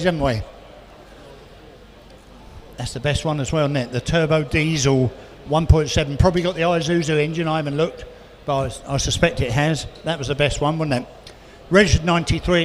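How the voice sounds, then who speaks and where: Auctioneer calling bids rapidly. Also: male voice, fairly high pitch. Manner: rapid bid calling with chatty asides. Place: auction hall, indoors. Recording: reverberant hall with faint noise.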